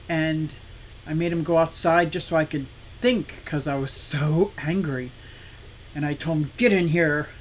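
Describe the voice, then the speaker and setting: A woman's voice: sits low, slight background noise. A woman in her sixties hosting a casual live stream for her fish shop, greeting viewers by name, reading comments and telling rambling stories with frequent laughs. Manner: chatty and animated, laughs often, rambling anecdotes. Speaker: livestream host of an aquarium and fish shop.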